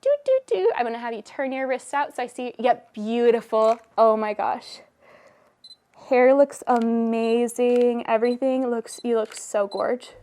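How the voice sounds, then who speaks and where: A young woman with a fairly high voice directs a model in a photo studio. She keeps up a steady stream of encouragement and gushing praise while she works. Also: measured pace.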